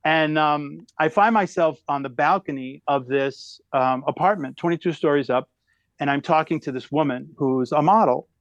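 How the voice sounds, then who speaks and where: A comedian in his fifties telling a story in a lively, exaggerated way as a podcast guest. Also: a little high, normal speed, no echo, dull audio. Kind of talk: animated storytelling.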